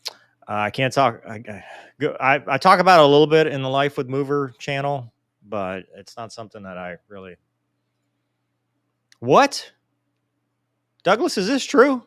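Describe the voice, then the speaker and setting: With a smooth, medium-pitched voice and a moderate pace broken by frequent pauses, a man in his forties answers viewer mail on a casual live Q&A. He's animated, joking, and self-deprecating. The sound is studio quality, without echo.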